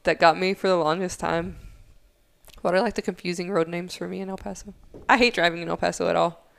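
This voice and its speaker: Frank woman with a lowish voice. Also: steady tone, fairly quick, vocal fry. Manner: frank, swears, laughs at her own mix-ups. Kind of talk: casual chat.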